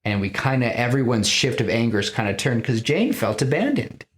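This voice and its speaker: A man hosting a podcast, casually pitching a story in an animated, rambling way with lots of fillers. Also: brisk. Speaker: podcast host.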